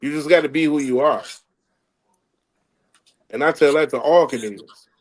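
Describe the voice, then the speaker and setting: A man's voice: a little high, moderate pace. A man who works as a comedian, talking in a laid-back, mentoring way in a casual chat. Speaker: comedian guest. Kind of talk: casual chat, giving advice.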